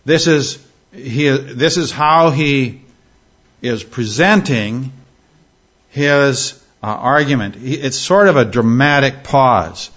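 A man leading a verse-by-verse Bible study in a conversational teaching style, often pausing with fillers and checking in with "all right?". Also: medium pitch, a bit bright. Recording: slightly dull lo-fi recording.

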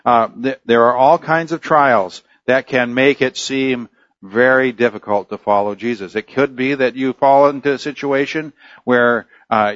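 A man preaching an expository sermon in an earnest way, often pausing with fillers and restarting his sentences. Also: medium pitch, fairly bright tone, no room sound, lo-fi sound.

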